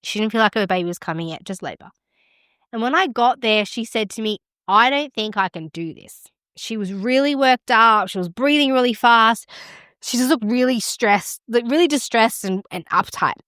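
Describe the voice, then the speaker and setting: A woman's voice: a little high, moderate pace, a bit bright, dry recording, studio quality. Frank, encouraging woman midwife host. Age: middle-aged. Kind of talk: casual advice talk.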